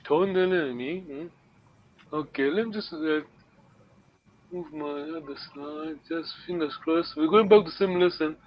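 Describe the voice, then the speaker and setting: A man with a slightly raised pitch teaches a language class online, stopping often to repeat words and check that his students follow. The sound comes through a video call and is muffled and lo-fi. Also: measured pace.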